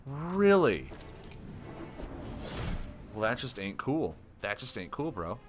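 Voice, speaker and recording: A man streaming a card game live, thinking aloud with excitable, self-deprecating commentary. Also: fairly low pitch, normal speed, faint music behind.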